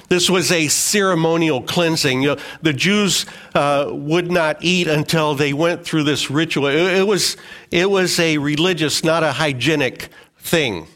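A man's voice: on the high side, fairly bright tone. A middle-aged male pastor preaching a sermon in a conversational way, with joking asides and acted-out quotes.

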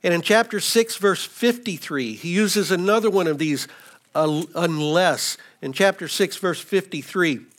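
A man's voice: high voice, unhurried. A man preaching an expository sermon, teaching through scripture verses with frequent restarts. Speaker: pastor.

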